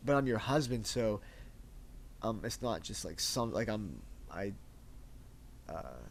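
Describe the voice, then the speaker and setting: A man's voice: lowish voice, expressive, takes it slowly, creaky, a little hiss or hum. Emotional rambling man in casual chat. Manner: rambling, emotional, swears freely. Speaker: podcast co-host, husband.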